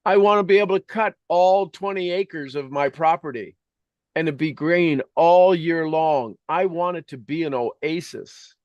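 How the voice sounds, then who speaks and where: A man's voice: a little high, a little slow, no room sound, highs cut off. A middle-aged man telling rambling, enthusiastic stories as the host of a spoken meditation. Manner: earnest, enthusiastic, rambling storytelling.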